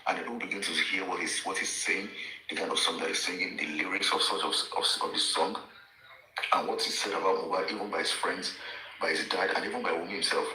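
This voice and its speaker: Low-voiced host, deliberate and repetitive, echoey line. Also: male voice, fairly even intonation, pushed and bright. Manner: deliberate, repeating words while building a point. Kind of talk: measured commentary. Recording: echoey with faint noise.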